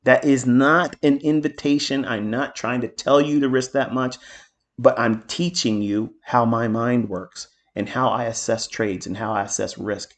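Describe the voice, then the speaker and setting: A middle-aged man talks through his market commentary at a mid-range pitch. He is blunt and profane, and he drifts into boastful, heated asides. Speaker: trading mentor.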